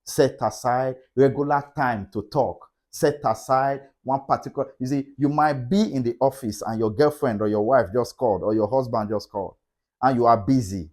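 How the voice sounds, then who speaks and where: A man's voice: mid-range voice, normal speed, a little mellow. A middle-aged man giving a motivational talk on relationships, repeating key points with a preacher-like cadence. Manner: repetitive, emphatic, preacher-like cadence. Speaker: relationship speaker.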